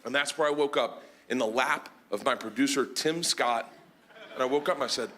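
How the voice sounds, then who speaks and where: A middle-aged man telling a stand-up story on a comedy stage, loud and excitable, shouting punchlines and acting out characters. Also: mid-range voice, fairly quick. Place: comedy stage before a laughing audience. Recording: live show with clear audience noise.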